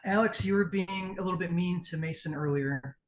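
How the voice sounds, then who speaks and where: A man's voice: high-pitched, fairly quick. A man with a Midwestern American accent judging wrestling promos in a blunt, profane, candid critique. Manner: blunt, profane, acts out crowd chants. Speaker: promo competition judge.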